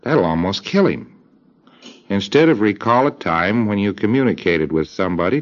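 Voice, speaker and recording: A low-voiced man lectures with a lively, swinging delivery and slips into quoted voices as he goes. The sound is dull and lo-fi, like an old tape. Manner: deliberate, acts out dialogue in quoted voices. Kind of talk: recorded lecture.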